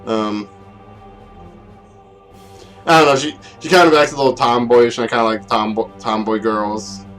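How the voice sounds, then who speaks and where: A man's voice: medium pitch, fairly even intonation, moderate pace, a bit bright, soft background music. A man in his twenties giving an unscripted game review, rambling, laughing often and making self-deprecating asides.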